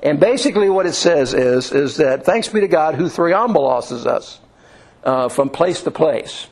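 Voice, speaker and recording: Brief: male preacher, slightly higher voice, homespun storyteller, halting restarts, sermon delivery. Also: lively intonation, vocal fry, darkish tone, rough recording. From Indiana, USA. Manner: folksy storytelling with many restarts and fillers.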